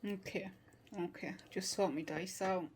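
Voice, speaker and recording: A woman's voice: lowish voice, steady tone, a little slow, darkish tone, slight background noise. A woman playing a tabletop wargame, chatting casually with playful reactions. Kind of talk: casual chat over a game.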